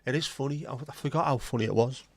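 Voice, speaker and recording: Speaking fast with a creaky, medium-pitched voice, this Englishman in his forties hosts a livestream and chats casually. He's blunt and opinionated, drifting from one aside to another.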